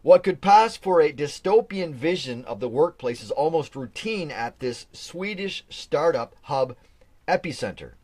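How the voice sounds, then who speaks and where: A man's voice: on the high side, lively intonation, measured pace, a little mellow. Rambling jokey male live-stream host. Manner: rambling, self-correcting, jokey. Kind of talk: casual live-stream chat.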